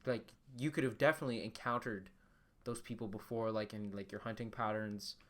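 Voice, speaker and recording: A man's voice: on the low side, steady tone, a little fast, fairly bright tone. A young man hosting a podcast, chatting casually in a rambling way, full of fillers, swearing and laughter. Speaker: podcast host. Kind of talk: casual chat.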